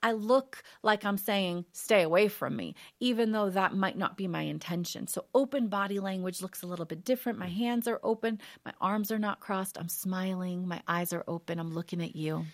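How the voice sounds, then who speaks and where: Measured woman counselor explaining. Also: mid-range voice. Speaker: counselor and author guest. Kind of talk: conversational interview.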